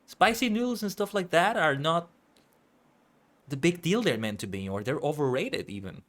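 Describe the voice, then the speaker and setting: A man streaming and chatting casually, animated and exclaiming, often correcting himself mid-sentence. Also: a little high, moderate pace. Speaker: VTuber streamer. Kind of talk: casual stream chat and reactions.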